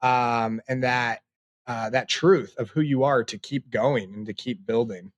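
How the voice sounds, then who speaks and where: A man in his late twenties, a podcast guest, talking in a reflective, halting way with many fillers. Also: mid-range voice, fairly even intonation, dry recording, highs cut off. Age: 20s. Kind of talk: casual interview talk.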